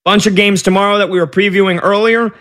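A man's voice: high-pitched, fairly even intonation, fast, a bit bright. A man hosting a sports radio show, chatting energetically and joking with his producers.

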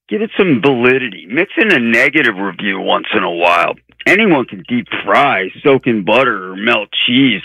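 North jersey guy calling in, bright pushy voice, blunt and fed up, dry sound. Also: on the low side, gravelly, no echo, rough recording. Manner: exasperated, blunt complaining. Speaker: caller.

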